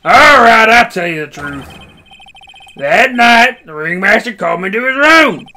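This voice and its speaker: A man voicing a flamboyant, vain male circus magician in game dialogue, delivering lines theatrically and shouting. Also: sits high, sing-song, unhurried, heavily acted. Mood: confiding.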